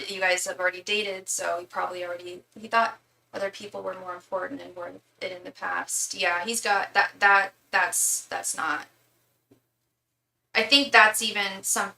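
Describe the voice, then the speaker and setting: A woman's voice: on the low side, gravelly, sharp tone, roomy sound, distant mic, a little hiss or hum, rough recording. A young woman giving a live tarot reading in a chatty way, full of fillers, restarts and calls of "girl". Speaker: tarot reader.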